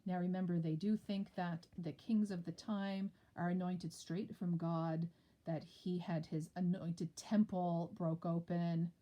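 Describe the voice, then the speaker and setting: A woman's voice: on the low side, level tone, measured pace, dark tone. A woman teacher explaining a play in a lecture, with chatty, explanatory asides. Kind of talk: lecture with read-aloud play.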